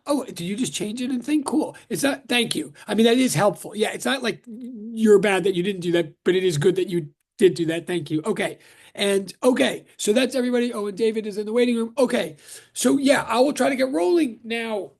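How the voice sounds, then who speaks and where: A male physics professor greets his class over a video call, chatty and quick to joke. His voice sits high for a man and carries a gravelly, frayed edge. He often breaks off his own sentences. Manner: chatty, self-interrupting, joking. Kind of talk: casual online lecture greeting.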